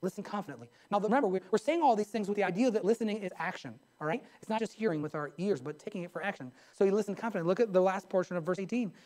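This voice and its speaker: Man, pastor preaching, high voice, folksy storyteller, pulpit mic in a church. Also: expressive, racing, hardly any pauses, darkish tone. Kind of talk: sermon. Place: church sanctuary.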